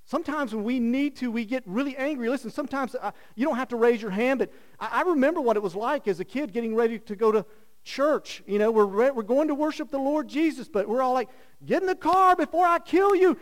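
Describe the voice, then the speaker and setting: High-voiced animated male pastor preaching. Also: fast. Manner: animated storytelling, rhetorical questions, swings from loud to hushed. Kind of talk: sermon.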